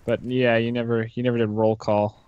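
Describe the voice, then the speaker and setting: A man's voice: medium pitch, little pitch movement, a little fast, smooth, dry recording, dull audio. A man joking around in a casual gaming chat over a voice call.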